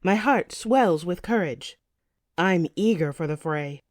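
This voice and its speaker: A woman's voice: on the low side, animated, takes it slowly, a little mellow, no echo, studio quality. A woman audiobook narrator reading a first-person saga in a vivid, tense storytelling manner.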